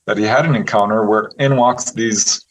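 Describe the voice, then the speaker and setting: A man, a guest on an interview show, telling stories in a casual, animated way, laughing often and acting out what people said. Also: fairly low pitch, normal speed, rough recording. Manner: animated storyteller who laughs often and acts out quotes. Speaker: interview guest, UFO researcher.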